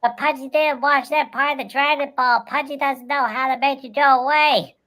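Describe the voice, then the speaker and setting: A woman's voice: sits high, fairly even intonation, moderate pace, a bit bright, pitched above the performer's own voice. A woman voicing a dim, sweet-loving pet who talks about itself in the third person, in a raised, childlike voice. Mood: earnest. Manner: childlike, refers to itself by name.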